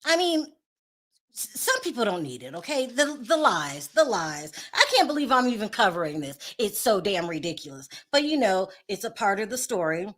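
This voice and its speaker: A woman's voice: mid-range voice, very animated, fairly quick, a bit bright. A woman hosting her own channel, giving sassy, exasperated gossip commentary and often laughing in disbelief. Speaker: channel host.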